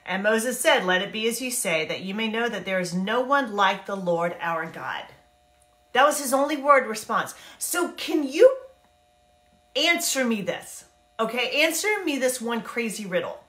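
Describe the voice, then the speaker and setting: A woman giving a casual, animated Bible talk, chatty and acting out characters in quick asides. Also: fairly high pitch, roomy sound. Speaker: Bible teacher and life coach. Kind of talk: casual Bible teaching to camera.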